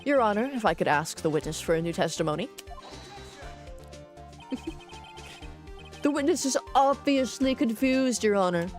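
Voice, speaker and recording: A woman's voice: on the high side, animated, moderate pace, long pauses, faint music behind. A woman streaming a game in casual commentary, playful and cursing, reading the game's text aloud as she goes.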